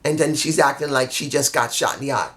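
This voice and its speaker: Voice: medium pitch, fairly even intonation, a little fast, fairly bright tone. Worn out wrestling recap vlogger, blunt, cusses a lot, talks right at the camera. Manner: blunt, swears freely, emphatic. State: tired. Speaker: wrestling show reviewer. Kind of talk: casual show recap to camera.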